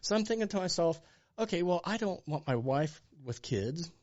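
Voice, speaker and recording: Pastor in his sixties, animated storyteller voicing the other people in his stories, dull mic sound. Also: a little high, normal speed. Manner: animated storyteller acting out dialogue. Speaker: pastor and guest. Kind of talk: storytelling interview.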